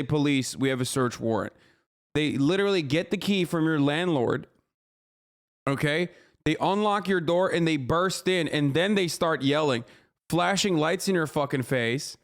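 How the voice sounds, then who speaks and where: Heated, foul-mouthed male streamer. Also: on the high side. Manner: heated, profane ranting; scolds his chat directly. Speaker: livestreamer. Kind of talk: live stream reaction commentary.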